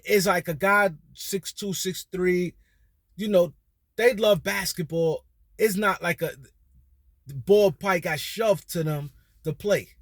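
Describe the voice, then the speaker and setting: A man with a high, light voice delivers a loose basketball opinion monologue, circling back on points and repeating himself as he builds an argument. The sound is dry and close, with no room around it. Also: dry recording. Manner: animated, repetitive, conversational with slang and restarts. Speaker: sports commentary host.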